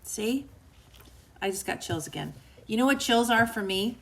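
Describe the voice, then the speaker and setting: A woman author with a fairly high, gravelly voice and lively intonation speaks at a moderate pace on her book club livestream. Earnest and emotional, occasionally soft and hushed, she motivates live viewers and chattily reads out their comments.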